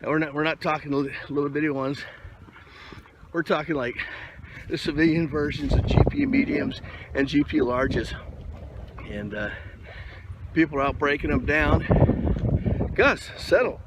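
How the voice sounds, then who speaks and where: A man's voice: a little high, a little slow, long pauses. A middle-aged man from Colorado talking casually while walking his dog in a park, rambling and folksy with plenty of fillers, recorded on a handheld phone. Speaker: vlogger leading a rucking group. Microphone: handheld phone camera. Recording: outdoor phone recording with background noise.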